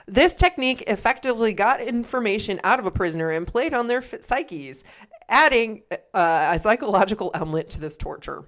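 A woman's voice: mid-range voice, expressive, fairly quick, fairly bright tone. A woman co-hosting a casual podcast, reading grim lists aloud between laughs and swearing. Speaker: podcast co-host.

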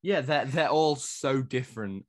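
A man's voice: mid-range voice, unhurried, noisy background. A man co-hosting a film podcast, chatting casually and opinionated, with frequent restarts. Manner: animated, opinionated, rambling restarts. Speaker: podcast co-host. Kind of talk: casual film review chat.

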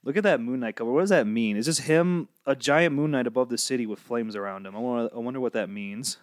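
Halting young man recapping a comic. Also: mid-range voice, no room sound, studio quality. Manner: halting, gathering thoughts with fillers. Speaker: podcast co-host. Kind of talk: casual chat.

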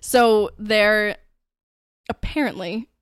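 A woman's voice: mid-range voice, very slow, clear, resonant tone, dry recording, clean studio sound. Chatty woman retelling a crime case. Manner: chatty, filler-heavy, swears casually. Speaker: podcast co-host. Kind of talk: casual true-crime storytelling.

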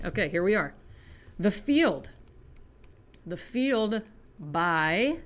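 An American woman reading poetry aloud at home, chatty and self-deprecating, wandering into asides between poems. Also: lowish voice. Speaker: poetry reader. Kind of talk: casual poetry reading vlog.

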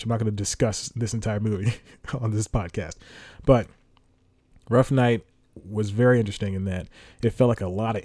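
A man's voice: lowish voice, dark tone, no room sound. A young man hosting a solo podcast, chatting casually and rambling, correcting himself and chuckling as he goes. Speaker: podcast host.

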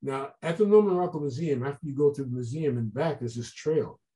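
A man telling a long story as an interview guest, animated and acting out the voices of people he quotes. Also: mid-range voice, brisk, poor audio. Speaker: guest artist. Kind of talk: casual storytelling.

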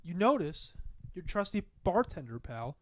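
A man's voice: high-pitched, big pitch swings, measured pace, no echo. A man running a tabletop game as game master, narrating and chatting in a loose, casual way and laughing easily.

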